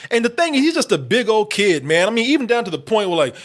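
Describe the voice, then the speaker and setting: Lively, laughing male review host. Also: sits high, fast. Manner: loose, laughs often, many fillers and restarts. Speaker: movie review show host. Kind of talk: casual review chat.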